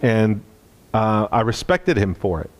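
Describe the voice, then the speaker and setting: A man preaching a sermon, telling a personal story in an earnest way and dropping low and soft at tender moments. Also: very animated, a little slow.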